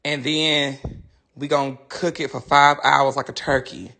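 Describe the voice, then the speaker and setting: A man's voice: mid-range voice, level tone, unhurried, gravelly, pushed and bright. A man chatting casually to his viewers on a phone livestream, talking straight to them as he goes.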